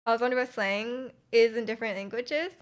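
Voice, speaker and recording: Giggly woman just chatting on stream, talks to chat, voice a bit on the high side. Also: fairly even intonation, quick pace. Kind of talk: casual livestream chat.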